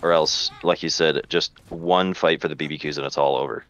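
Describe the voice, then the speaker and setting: A man giving colour commentary as an esports co-caster, halting and full of fillers. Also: rumbling low, fairly even intonation, a bit bright, highs cut off. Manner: halting, many fillers and restarts.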